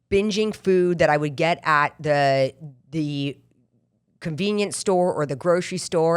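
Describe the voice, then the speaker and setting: A middle-aged woman hosting a podcast, talking candidly and emphatically in a motivational monologue, repeating phrases for emphasis and mocking her own excuses in quick quoted asides. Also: deep voice. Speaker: podcast host.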